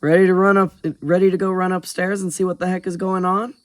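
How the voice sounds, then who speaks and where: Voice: mid-range voice, little pitch movement, fast, no echo, clean studio sound, pitched above the performer's own voice, natural voice. A man voicing a wry, impatient young man in a storybook reading. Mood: surprised.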